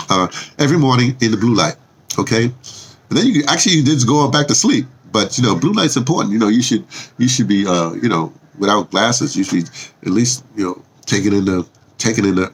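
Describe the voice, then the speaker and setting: A man's voice: fairly low pitch, slightly rough. An older man from the Bronx, a vlogger rambling casually with lots of fillers and restarts. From New York, the Bronx.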